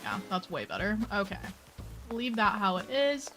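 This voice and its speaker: A woman chatting casually on a live stream while she plays a game, playful and opinionated, full of quick asides. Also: mid-range voice, huge pitch swings, fairly bright tone, soft background music.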